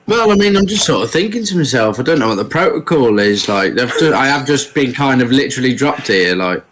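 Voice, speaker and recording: A man taking part in a tabletop game with a mid-pitched voice. He muses aloud, full of fillers and second thoughts. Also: lively intonation, brisk, a bit bright. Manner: hesitant, thinks aloud with fillers. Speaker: player. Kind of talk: casual tabletop play.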